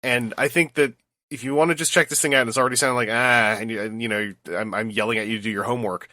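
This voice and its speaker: Bright, emphatic podcast co-host. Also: male voice, medium pitch, racing, no echo, studio quality. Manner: animated and emphatic, giving advice. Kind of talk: casual podcast discussion.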